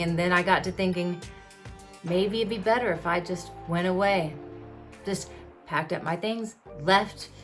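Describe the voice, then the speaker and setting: A woman in her thirties, her voice medium-pitched and a bit bright, vlogs about her epilepsy. Her storytelling to camera is candid, confessional and conversational, sprinkled with fillers as she talks openly to viewers.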